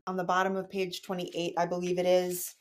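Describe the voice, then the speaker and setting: A young woman hosting a book podcast, explaining a story and leading the chat in a relaxed way. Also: fairly low pitch, a little fast. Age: young adult. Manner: chatty, explanatory. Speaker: podcast host. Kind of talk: casual book discussion.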